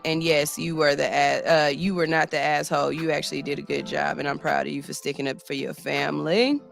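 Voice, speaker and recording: A woman radio host, reading a listener's story aloud and reacting with sassy, animated commentary in a studio. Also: medium pitch. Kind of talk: casual radio chat reading a listener post. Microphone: studio mic.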